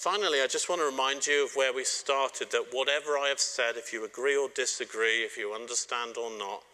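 A middle-aged male preacher gives a sermon on marriage, speaking straight to the congregation with warmth and the occasional joke. His voice is mid-range and his pace a little fast.

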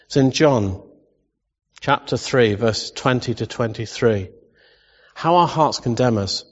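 A man preaching a sermon as pastor, impassioned, rising to loud exclamations and sometimes emotional. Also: mid-range voice. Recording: dull lo-fi sound with long reverb.

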